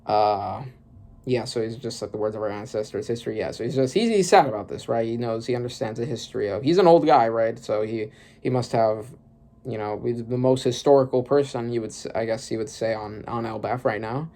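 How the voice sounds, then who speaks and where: A man's voice: medium pitch, a little fast, dark tone. A man casually thinking aloud as he reacts to a comic, full of fillers and restarts. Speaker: manga reaction youtuber.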